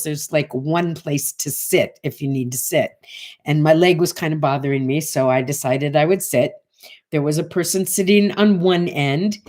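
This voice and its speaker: A woman in her sixties hosting a morning show, telling a casual story and acting out the voices of the people in it. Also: deep voice. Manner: animated, acts out voices in her anecdotes.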